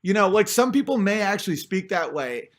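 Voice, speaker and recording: A man's voice: high-pitched, sing-song, brisk. A man talking in a casual spoken monologue, rambling with many fillers and restarts.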